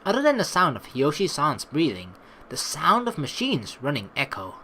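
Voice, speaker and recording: Low-voiced woman reading a game aloud. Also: normal speed, slight background noise. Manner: expressive reading with asides. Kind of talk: reading a visual novel aloud.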